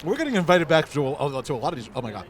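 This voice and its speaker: Lively, teasing male food-show host. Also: on the high side, rapid-fire. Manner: animated, teasing, upbeat. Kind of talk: on-the-street food vlog hosting. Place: outdoors on city streets.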